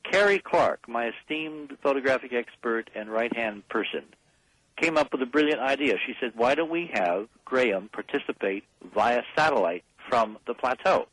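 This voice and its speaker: An emphatic man talking as a guest on a radio call-in show, pressing his points hard. His voice sits at an ordinary middle pitch. The sound is dry and close, with no room around it. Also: animated, moderate pace, fairly bright tone, no echo, low-quality recording. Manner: emphatic, insistent, rallying listeners. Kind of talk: impassioned radio call-in talk.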